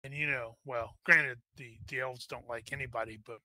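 Male game master, bright crisp voice, dry close mic, halting delivery. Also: mid-range voice, steady tone, no room sound. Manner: halting, many restarts and fillers. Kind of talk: narrating a tabletop game.

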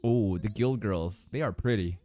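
A reaction host giving live commentary on an anime, animated, laughing and talking back at the screen. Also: medium pitch, normal speed.

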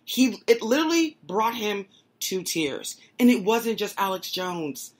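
A woman's voice: fairly high pitch, expressive, unhurried, fairly bright tone, husky. A woman hosting a political commentary show, talking casually and incredulously with laughing asides.

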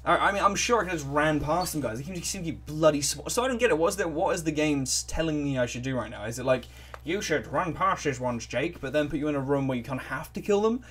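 A man giving excitable, rambling let's play commentary full of swearing and reactions to the game. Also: a little high, quick pace, hardly any pauses. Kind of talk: gaming commentary.

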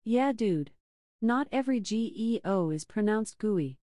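A woman's voice: mid-range voice, lively intonation, unhurried, dark tone, dry recording, natural voice. A woman voicing a sassy female smart-speaker assistant in a comedy sketch, dry and teasing. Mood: deadpan.

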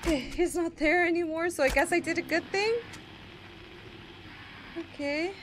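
A woman's voice: extremely high pitch, steady tone, moderate pace, a little hiss or hum. A young woman playing a horror fan game and commenting as she goes, talking to herself and her viewers, often gasping and easily startled. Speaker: gaming YouTuber.

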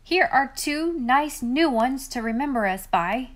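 A woman's voice: sits high, expressive, a little slow, voice pushed up. A woman voicing two eager little children who clamor together.

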